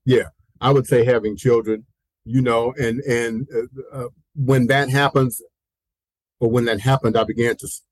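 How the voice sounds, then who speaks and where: At a moderate pace and in a mid-range voice, a roughly sixty-year-old pastor shares personal stories as an interview guest. He acts out the voices he quotes with animation, laughs frequently mid-story, repeats himself, and fills his speech with "you know." The audio is poor, without echo.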